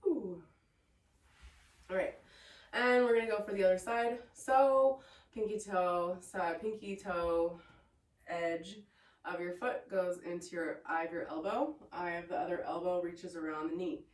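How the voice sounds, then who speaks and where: A woman teaching a yoga class, giving calm, encouraging cues with playful asides. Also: fairly low pitch, unhurried. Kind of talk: guided yoga class instruction. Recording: echoey room, voice from a distance.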